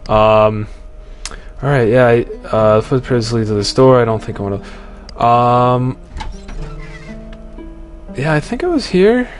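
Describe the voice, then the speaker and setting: A man's voice: medium pitch, animated, slow, pauses often. Jumpy guy playing a creepy game, swears a lot, reads the text out, game music behind. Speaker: let's play commentator. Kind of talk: horror game commentary.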